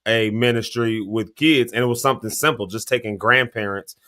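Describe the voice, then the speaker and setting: A man co-hosting a morning talk show, with a bright, forward voice. He chats loosely and laughs often, teasing the others as he tells a story. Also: on the low side, fairly even intonation, a little fast. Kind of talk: casual chat.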